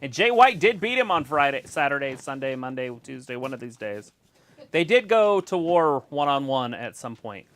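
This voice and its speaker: A man's voice: medium pitch, sing-song, moderate pace, a bit bright. A man co-hosting a casual wrestling watch-along, swearing and calling the moves as they happen. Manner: loose, swearing, play-by-play calls. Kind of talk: casual live commentary.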